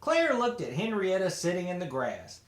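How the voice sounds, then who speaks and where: A man reading a children's picture book aloud in an expressive, animated way. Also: high-pitched, normal speed. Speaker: storybook reader. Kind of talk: children's story read-aloud. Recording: roomy echo.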